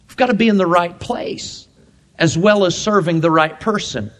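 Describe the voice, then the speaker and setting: Male pastor, high voice, emphatic sermon delivery with deliberate repetition. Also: a bit bright.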